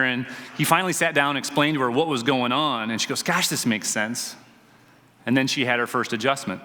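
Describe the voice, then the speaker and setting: A man speaks from a conference stage in a bright, forceful voice, spinning stories, poking fun at himself and throwing questions to the crowd. His voice rings out with a long reverb through a large event hall. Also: mid-range voice. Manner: storytelling, self-deprecating, quizzes the audience. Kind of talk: motivational stage talk. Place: conference stage before a live audience.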